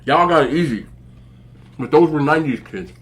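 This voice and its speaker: A man in his forties telling stories to viewers in a relaxed, joking way, laughing often and using plenty of slang. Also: fairly high pitch, normal speed. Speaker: mukbang host. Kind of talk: casual storytelling to viewers.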